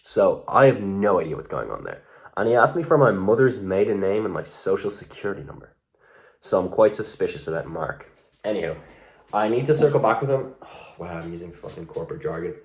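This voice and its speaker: A man's voice: low-pitched, animated, a little fast. Young man rambling in a casual vlog. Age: young adult. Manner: rambling, profane, self-mocking. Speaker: vlogger.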